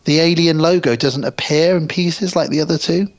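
A man's voice: a little high, moderate pace, no echo, highs cut off. Chatty man around forty. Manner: chatty, rambling storyteller. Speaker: podcast co-host. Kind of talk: casual film chat and anecdote.

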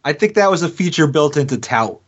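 A man's voice: a little high, expressive, fairly quick, husky, lo-fi sound. A man co-hosting a casual movie review chat, dropping in dry, wry remarks. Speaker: podcast co-host.

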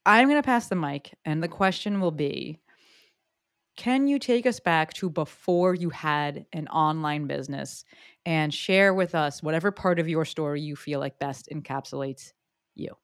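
A woman hosting a podcast, bubbly and joking, with quick asides. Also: deep voice, no echo, clean studio sound. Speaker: podcast host. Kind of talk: energetic podcast interview.

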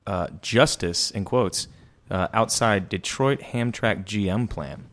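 Lower-voiced man reading out headlines. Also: takes it slowly, fairly bright tone. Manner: reads headlines aloud. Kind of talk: casual podcast chat.

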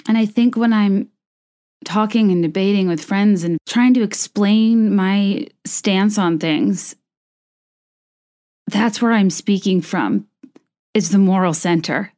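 A young woman speaks straight to her viewers in an earnest, impassioned monologue, her voice sitting a little low. She stumbles and restarts as she searches for words, then reads a passage aloud in the same sincere tone. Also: dark tone. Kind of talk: personal monologue to camera with a read-aloud passage.

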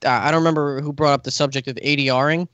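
A man hosting a casual movie podcast, excitable and rambling, laughing often. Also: fairly high pitch, very fast, no room sound, lo-fi sound. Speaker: podcast host.

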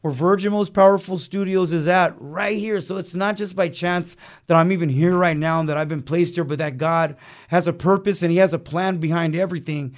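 A man with a slightly high voice tells his story in a studio. His telling is earnest and casual, full of slang and asides. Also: fairly even intonation, fairly quick. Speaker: interview guest. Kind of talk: casual personal testimony. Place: small studio beside a chapel.

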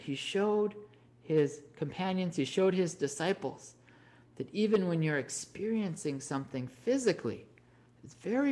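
A man gives a Dharma talk full of stories, with a voice a touch higher than most men's. He talks in an animated way and keeps asking "right?" to check in with listeners. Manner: animated, frequent "right?" tag questions. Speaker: Dharma teacher.

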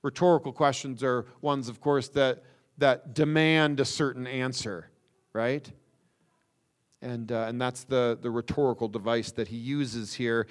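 A man preaching a sermon, stressing words with slow emphasis and rhetorical questions. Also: medium pitch, steady tone. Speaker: pastor.

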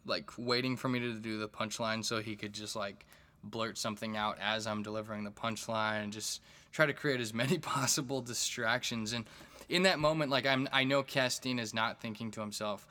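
A man hosts his own podcast and tells stand-up stories in a loose, rambling way. His voice sits low but has a bright, forceful ring. He swears freely and stumbles through restarts and fillers. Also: steady tone, normal speed. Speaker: stand-up comedian and podcast host. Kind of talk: casual storytelling monologue.

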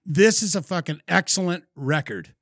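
A man's voice: lively intonation, moderate pace, fairly bright tone, dry recording, clean studio sound. A man co-hosting a podcast in casual chat, emphatic and swearing freely. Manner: profane, emphatic, pushy pitch. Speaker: podcast co-host.

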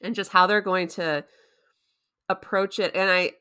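A woman talking in a thoughtful, measured way in a casual discussion. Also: on the low side, fairly even intonation, sharp tone, smooth.

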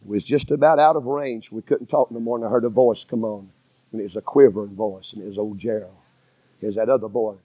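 A middle-aged man with a Southern American accent tells a story from the pulpit in a husky, folksy voice. He repeats phrases and drops to a hush before pushing out loud emphasis. The sound is close and dry, a little dull and lo-fi. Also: on the low side, steady tone, a little fast, no room sound. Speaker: preacher. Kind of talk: storytelling sermon. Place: church sanctuary.

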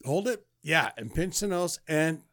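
A man co-hosts a casual podcast in a goofy, playful manner. His fairly high voice swings widely in pitch. The sound is dry and close. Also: expressive, a little slow, fairly bright tone, dry recording. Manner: goofy, playful, breaks into song. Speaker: podcast co-host. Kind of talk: casual chat.

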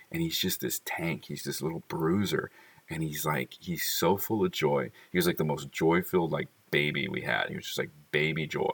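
A man's voice: very deep voice, fairly bright tone, far from the mic. A man talking fondly about his children in a casual, rambling monologue full of "like" and small laughs.

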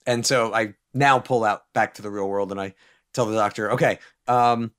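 A man playing a tabletop role-playing game, talking in a hesitant, halting way. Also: fairly low pitch, steady tone, fairly bright tone, clean tone. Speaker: player. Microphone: remote recording.

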